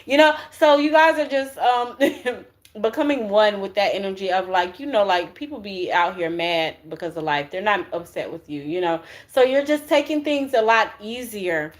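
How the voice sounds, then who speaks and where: A woman's voice: mid-range voice, expressive, normal speed. Chatty woman giving a tarot reading. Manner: chatty and slangy, with frequent "right?" and cussing. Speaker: tarot reader. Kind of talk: casual spiritual tarot reading.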